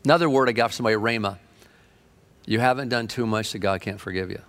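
A man preaching a sermon with fervent energy, telling stories and shifting between quick and drawn-out phrases. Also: on the low side, a bit bright.

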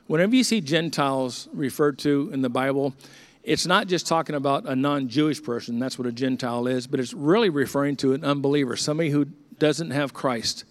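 A middle-aged man preaching a sermon as pastor, telling a story and acting out the dialogue with lively swings. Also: medium pitch, brisk.

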